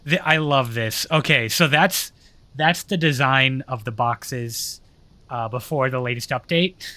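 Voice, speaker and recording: Slow-talking bright-voiced male streamer. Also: mid-range voice. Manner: chatty, laughs often, trails off mid-sentence. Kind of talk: live gameplay commentary.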